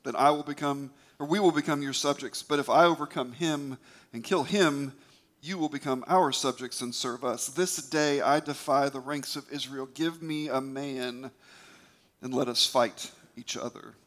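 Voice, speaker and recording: A man's voice: medium pitch, normal speed, natural voice. A man putting on a bellowing giant warrior. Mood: taunting. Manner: shouted taunts. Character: towering boastful male giant warrior, defiant.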